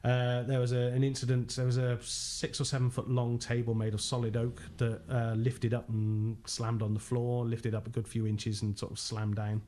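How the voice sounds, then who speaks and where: A man, a ghost hunter telling animated anecdotes in casual podcast chat, laughing often and acting out quotes. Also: mid-range voice, normal speed, hardly any pauses.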